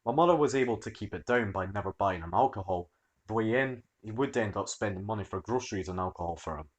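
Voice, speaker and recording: A man narrating online stories in an animated, expressive storytelling manner. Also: lowish voice, fast.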